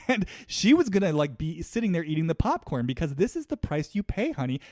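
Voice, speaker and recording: A man's voice: a little high, darkish tone, no room sound, studio quality. A man hosting a solo podcast, talking in a reflective, conversational way, loose with fillers. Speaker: podcast host.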